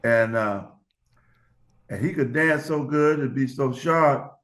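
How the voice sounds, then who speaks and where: An older man, a guest in a casual interview, who speaks haltingly and often repeats words. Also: medium pitch, a bit bright.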